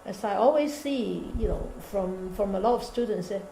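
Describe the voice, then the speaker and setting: A woman meditation teacher gives a dharma talk with a mellow, relaxed tone. She talks in an animated way, quizzing her listeners and acting out the voices in their heads, with slightly non-native English phrasing. The recording has an echoey hall sound and faint room noise. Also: medium pitch, normal speed, vocal fry, few pauses. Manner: animated, engaging the audience with questions and quoted inner voices.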